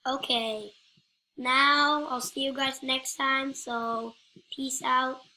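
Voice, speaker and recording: A woman's voice: high voice, fairly even intonation, slow, sharp tone. A woman giving playful, rambling gameplay commentary, joking and talking to the other players.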